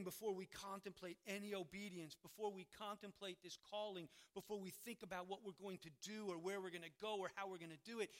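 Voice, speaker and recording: A man preaching a sermon as pastor, emphatic, rising loud on key words and then dropping to a quiet tone. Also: sits high.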